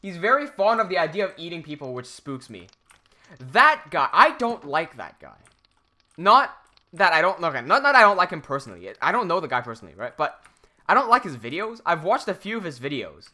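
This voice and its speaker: A man's voice: fairly high pitch, sing-song, a little fast, bright, forceful tone. A young man from Hong Kong with an American English accent, chatting casually on a livestream while reading out viewer comments. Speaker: streamer.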